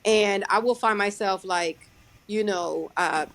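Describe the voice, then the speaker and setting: A young adult woman who drives her own truck, talking casually in a podcast interview, halting and restarting her sentences often. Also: medium pitch, fairly bright tone. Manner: halting, many restarts and fillers. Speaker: guest, owner-operator truck driver.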